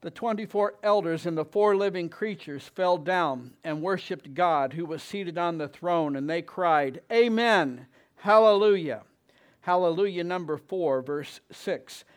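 A man preaching a sermon, reading scripture with slow, emphatic delivery and rising exclamations. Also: on the high side, clean tone. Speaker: pastor.

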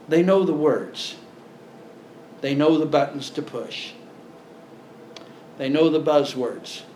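A man's voice: on the high side, a little mellow, slight background noise. A man preaching a sermon as a pastor, talking plainly and building to emphatic points. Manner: conversational preaching, rising to emphatic.

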